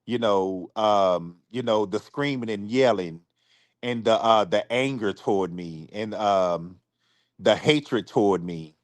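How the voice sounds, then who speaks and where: A man on a live stream apologizing to his supporters. He is close to tears, speaks haltingly, and often repeats himself or restarts his sentences. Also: lowish voice, dry recording.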